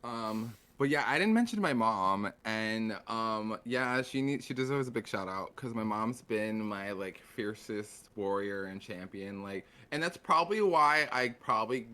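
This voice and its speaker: A man's voice: fairly low pitch, lively intonation, a little slow, hardly any pauses, sharp tone. A man on a panel talking casually, rambling with lots of "like" and restarts. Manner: loose and rambling, full of "like" and restarts.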